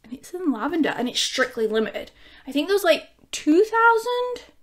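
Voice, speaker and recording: A woman chatting excitedly at home as she unboxes a record for her vlog, gushing and talking to her dog. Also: very high voice, normal speed. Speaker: vinyl collecting YouTuber.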